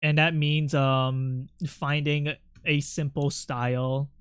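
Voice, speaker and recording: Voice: medium pitch, flat delivery, takes it slowly, clean tone, dry recording. A streamer chatting casually with the audience while drawing, talking in a rambling, self-interrupting way and swearing freely. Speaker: streamer and artist.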